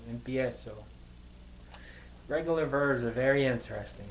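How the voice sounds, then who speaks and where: A man working through a language drill out loud, hesitant and searching for each answer with frequent filler sounds. He speaks slowly and deliberately. There is a faint background hum. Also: medium pitch, steady tone, poor audio. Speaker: language learner. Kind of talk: thinking aloud while practicing.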